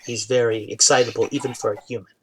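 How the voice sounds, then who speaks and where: Relaxed man running a tabletop game. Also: medium pitch, fast, husky, low-quality recording. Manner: relaxed, with many fillers. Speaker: dungeon master. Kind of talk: casual tabletop game narration.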